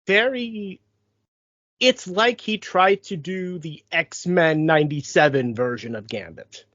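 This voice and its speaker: A podcast co-host with a middle-pitched voice who explains points in a measured, even way. The sound is dry and slightly dull, recorded close with no room echo. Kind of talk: casual chat.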